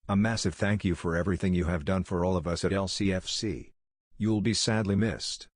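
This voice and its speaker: A man reading a scripted news report in a measured, solemn way. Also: deep voice, no echo, clean studio sound. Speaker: news narrator.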